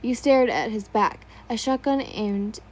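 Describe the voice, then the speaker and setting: A woman narrates fan fiction aloud, often tripping on words and correcting herself. Her voice sits somewhat high, with a mellow, relaxed tone. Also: unhurried, rough recording. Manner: stumbles on words and comments on typos. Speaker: story reader.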